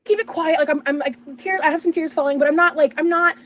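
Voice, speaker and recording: A woman's voice: sits high, steady tone, fast talker, a bit bright, rough recording. A young woman telling a rambling personal story in casual chat, with lots of fillers and restarts. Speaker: streamer and podcast host.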